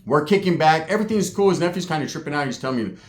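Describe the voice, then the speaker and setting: A man's voice: on the high side, lively intonation, racing, reverberant. A man telling a comic street story in a casual, profane way, tagging his lines with "right?".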